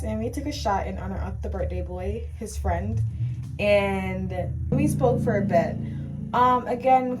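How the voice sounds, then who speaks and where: A woman's voice: medium pitch, darkish tone. A young woman telling a story on her vlog in a chatty, emphatic and sassy way. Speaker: vlogger.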